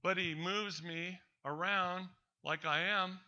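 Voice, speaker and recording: Man, presenter, storytelling talk, emphatic, defiant, bright tense tone. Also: sits high, fairly even intonation, slow, dull audio. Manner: emphatic and defiant, addresses doubters directly.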